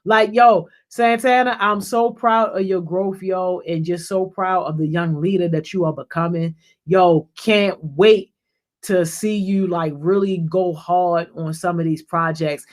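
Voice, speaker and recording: A youth program leader giving casual shout-outs and encouragement to young members, saying "yo" constantly and repeating phrases, and getting louder and higher when greeting people by name. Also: unhurried. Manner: peppers speech with "yo", repeats and restarts phrases; energetic, rises in pitch and volume when greeting people by name. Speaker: youth program leader hosting a group call.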